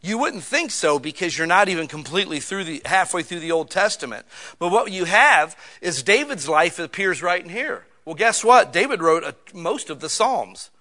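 A middle-aged man preaching a sermon in an animated, folksy way, walking through Bible history and telling a story with sudden shouts. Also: sits high, moderate pace. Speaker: pastor.

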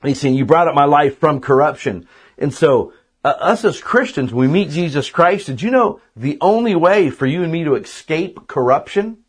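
A man's voice: fairly high pitch, breathy edge. A man teaching a casual sermon on a Bible passage, chatty and conversational, often tossing in "man" and "right?". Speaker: preacher.

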